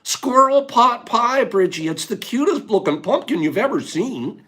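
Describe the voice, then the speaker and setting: A man hosting a casual livestream, chatting to viewers in an animated way and laughing often. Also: very high-pitched, a little slow. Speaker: livestream host.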